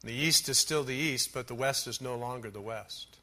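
A man preaching a sermon as a pastor, listing numbered points with emphasis, slowing on key words and dropping in dry asides. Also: mid-range voice, pushed and bright.

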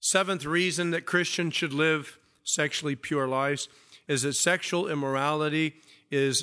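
Bright emphatic preaching man. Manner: emphatic preaching, drops low and soft for stress; repeats key phrases, asks the congregation questions. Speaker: pastor. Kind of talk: sermon.

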